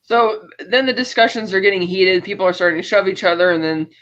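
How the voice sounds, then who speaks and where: A man hosting a casual film review, retelling the plot in an animated way and acting out lines of dialogue. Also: high-pitched, quick pace, lo-fi sound. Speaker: podcast host, film reviewer.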